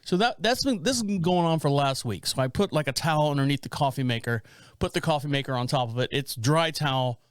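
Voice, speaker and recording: A man's voice: fairly high pitch, quick pace, clear, resonant tone, no echo, studio quality. A man in his forties co-hosting a podcast, telling a long story with lots of restarts. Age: 40s. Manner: rambling, animated storytelling with frequent restarts. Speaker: podcast co-host. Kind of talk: casual storytelling chat.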